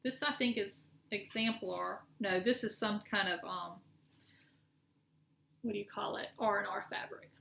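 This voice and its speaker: Chatty woman with a bright gravelly voice. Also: mid-range voice, unhurried. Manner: chatty, rambling, self-correcting. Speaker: cross-stitch vlogger. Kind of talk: casual show-and-tell chat. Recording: echoey room with faint noise.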